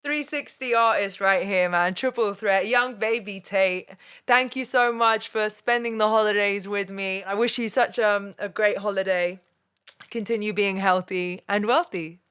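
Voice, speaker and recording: A woman hosts a casual interview. Her voice is smooth and clear at a middle pitch, and she chats easily and pays her guest compliments. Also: fairly even intonation, a little slow, fairly bright tone. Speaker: interview host.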